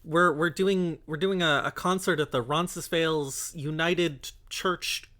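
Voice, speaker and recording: A woman chatting casually as a stream co-commentator, animated and jokey, swearing freely. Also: low voice, unhurried. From grew up in a Spanish-speaking household. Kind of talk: casual chat. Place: lives in Toronto.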